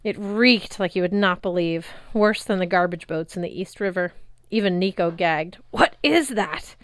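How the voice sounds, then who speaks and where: A woman reading a novel chapter aloud in a lively, expressive narrating voice on a close mic. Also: on the low side, moderate pace, clear, resonant tone, no room sound. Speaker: reader. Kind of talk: audiobook narration.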